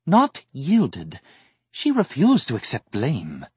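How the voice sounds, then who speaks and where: A man voicing a small feathered female alien creature with a wispy, high, mocking voice in an audiobook. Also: wildly swooping pitch, slow pace, breathy edge, no room sound, exaggerated voice. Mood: matter-of-fact. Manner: mocking, matter-of-fact.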